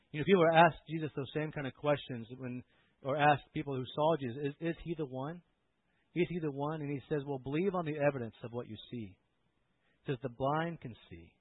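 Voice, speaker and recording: A man preaching a sermon as pastor, swinging from loud impassioned preaching to quiet storytelling. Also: medium pitch, slightly rough, no echo. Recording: tinny phone-like sound, dry.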